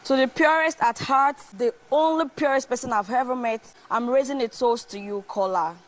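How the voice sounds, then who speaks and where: A woman's voice: a little high, normal speed. A woman giving an affectionate, earnest toast to a friend. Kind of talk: heartfelt toast speech.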